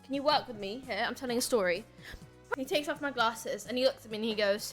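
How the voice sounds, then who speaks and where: A young woman streamer telling a story casually, animated and swearing, laughing often. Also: fairly high pitch, brisk, soft background music.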